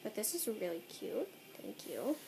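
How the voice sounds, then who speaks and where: A woman's voice: mid-range voice, sing-song, moderate pace, gravelly, noisy background. A teenage girl vlogger chatting casually through an unboxing, bubbly and gushing, giggling often. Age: teens.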